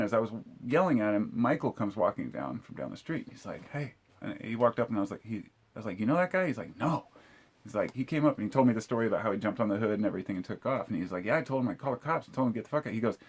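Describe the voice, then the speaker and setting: Middle-aged guy with a low husky voice, swearing a lot while he tells a story, blunt and casual. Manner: blunt and profane, quick to shout the quoted lines. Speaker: vlogger telling a true story.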